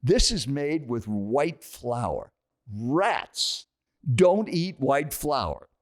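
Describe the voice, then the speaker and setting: A man's voice: mid-range voice, sing-song, drawn-out words. A man voicing a blunt, preachy male stranger who lectures about food within a story. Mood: scolding. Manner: scolding, lecturing. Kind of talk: storytelling with acted dialogue.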